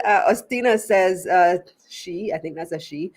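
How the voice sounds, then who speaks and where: A woman's voice: lowish voice, moderate pace, hardly any pauses. A Jamaican woman hosting a live-streamed business interview show, chatty and upbeat, laughing easily.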